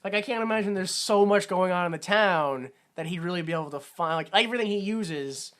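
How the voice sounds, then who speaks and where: A man's voice: high-pitched, brisk, fairly bright tone. Male podcast co-host, casual and rambling, laughs a lot. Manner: rambling, laughs often, lots of fillers. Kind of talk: casual comedic movie discussion.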